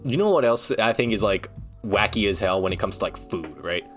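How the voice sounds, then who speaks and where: A man's voice: on the low side, expressive, brisk, soft background music. A man streaming, ranting casually in a rambling, joking, foul-mouthed way. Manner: rambling, profane, joking rants.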